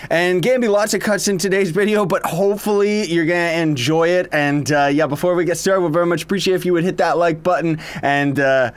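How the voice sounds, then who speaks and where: A man hosting a let's-play video, giving excitable, jokey gameplay commentary and yelling and laughing along with friends. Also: a little high. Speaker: gaming channel host.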